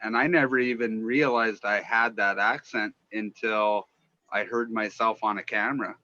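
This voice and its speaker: A man with a Minnesota-style accent chats as a podcast guest, animated and swearing casually. His voice is bright and forceful. It comes through dry, muffled call audio. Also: on the low side, moderate pace, no echo. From Northwestern Ontario, Canada. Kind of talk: casual chat.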